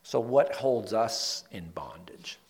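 A man preaching a sermon as pastor, emphatic, swinging from soft breathy asides to loud declaimed scripture. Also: fairly low pitch, lively intonation, slow.

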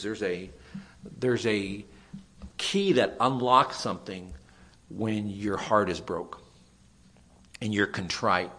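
A man preaching a sermon, earnest, swinging between raised emphasis and quiet asides. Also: fairly low pitch, takes it slowly, long pauses.

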